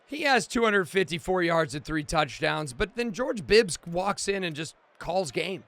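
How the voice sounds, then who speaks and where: High, bright-voiced hyped young man. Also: dry recording. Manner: bursts into loud excited shouts, fast recaps. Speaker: gaming streamer. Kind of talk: hyped play-by-play game commentary.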